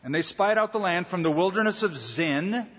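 Man, pastor, emphatic sermon delivery, slightly high voice, lo-fi church hall recording. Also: expressive, normal speed, fairly bright tone. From Southern California. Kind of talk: expository sermon. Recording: dull lo-fi sound with long hall reverb.

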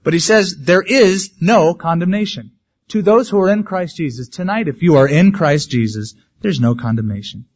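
Man preaching, slightly high, lo-fi. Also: moderate pace, breathy edge. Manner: conversational preaching with humorous asides. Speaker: pastor. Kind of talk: sermon. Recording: dull lo-fi sermon recording.

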